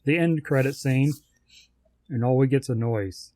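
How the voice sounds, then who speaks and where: A man co-hosting a podcast, chatting in a relaxed way about films. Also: medium pitch, a little slow. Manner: relaxed, many short agreeing replies. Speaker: podcast co-host. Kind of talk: casual film discussion.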